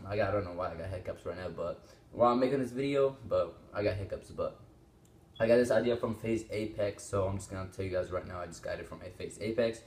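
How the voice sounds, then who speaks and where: A man's voice: lowish voice, a little mellow, echoey room. A teenage boy hosting a reaction video, rambling and exclaiming, often swearing, on a small microphone. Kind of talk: casual reaction commentary. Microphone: small desktop microphone.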